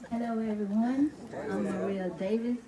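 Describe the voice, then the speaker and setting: A woman's voice: medium pitch, fairly even intonation, normal speed, rough recording. A woman giving a casual wedding toast, affectionate and calling the couple baby. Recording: speech over a chattering crowd. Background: crowd of guests.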